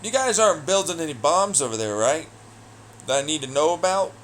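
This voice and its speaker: A man with a fairly high-set voice, delivering an angry solo rant full of profanity and jeering taunts. He jumps between loud outbursts and low muttering, with faint background noise behind him. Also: expressive, a little fast. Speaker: audio blogger.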